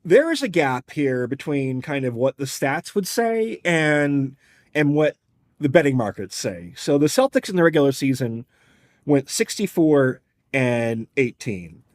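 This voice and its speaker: A man's voice: mid-range voice, very animated, measured pace. A man co-hosting a podcast, explaining sports numbers in a wry, conversational, analytical way. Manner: wry, explanatory, numbers-heavy, drops casual profanity. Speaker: podcast co-host.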